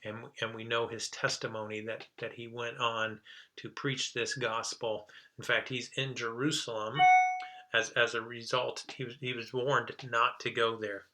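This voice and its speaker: Bright-voiced male pastor preaching casually. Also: mid-range voice, little pitch movement, moderate pace, slight background noise, low-quality recording. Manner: conversational, with frequent restarts and repeated words. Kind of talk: sermon.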